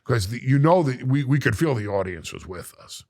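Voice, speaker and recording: A middle-aged man appears as a podcast guest and tells a story dramatically, repeating words and restarting as he acts out what people said. His medium-pitched voice is lively, a little fast and a little mellow. The studio sound is clean, with no room sound.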